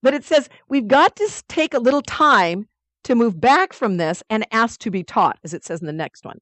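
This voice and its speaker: Lively woman leading a study group. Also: fairly high pitch, normal speed, dry recording. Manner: lively and conversational, with playful asides. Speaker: spiritual study group leader. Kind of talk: teaching a weekly study group.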